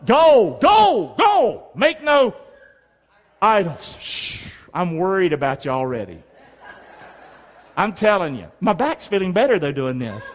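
High-pitched, animated preacher man in a reverberant hall. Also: unhurried, long pauses. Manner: animated call-and-response preaching with hand signs. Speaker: pastor. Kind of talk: sermon. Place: church sanctuary. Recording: long reverb in a large hall.

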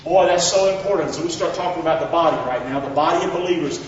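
A man's voice: on the high side, fast, a little hiss or hum. A man preaching a sermon as pastor, fervent, asking the congregation to answer him back. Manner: fervent, call-and-response preaching. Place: church sanctuary. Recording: echoey hall, distant mic, dull.

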